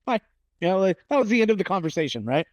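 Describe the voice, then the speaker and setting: A young man on a casual podcast, swearing freely and telling animated stories with acted-out quotes. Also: sits high, rapid-fire, no echo, dull audio.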